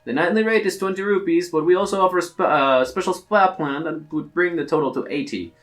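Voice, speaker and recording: A game player voicing a chatty, flirty innkeeper woman who gushes and flatters, reading game dialogue aloud. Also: medium pitch, fairly quick, natural voice. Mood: flattering. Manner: gushing and flattering.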